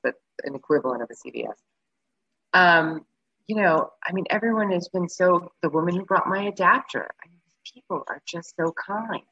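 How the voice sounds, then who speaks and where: Animated husky woman telling a story. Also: lowish voice. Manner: animated, acts out the voices of people in her story. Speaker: guest. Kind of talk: casual conversational storytelling. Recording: dull lo-fi recording.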